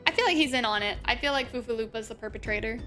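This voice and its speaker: A woman's voice: fairly high pitch, rapid-fire, bright, forceful tone, soft background music. A woman streaming a game, musing and reacting casually between scenes.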